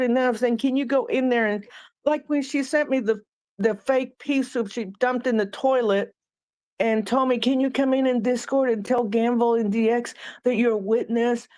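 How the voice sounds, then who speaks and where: A woman's voice: a little high, steady tone, moderate pace, a little mellow, dry recording. A woman from New Mexico ranting heatedly and swearing as a panel guest on a live stream. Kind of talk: casual live-stream chat.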